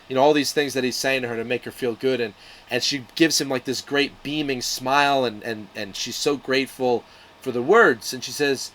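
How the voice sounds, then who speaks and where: Speaking to camera at a normal speed, a male video reviewer recaps a miniseries plot in a casual, foul-mouthed way, often restarting and using fillers. His voice is medium-pitched and a bit bright.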